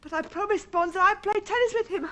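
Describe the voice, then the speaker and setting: Woman kids' TV presenter, very high voice, bright tone, gentle fretful delivery, faint tape hiss. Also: quick pace. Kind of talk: scripted children's TV acting.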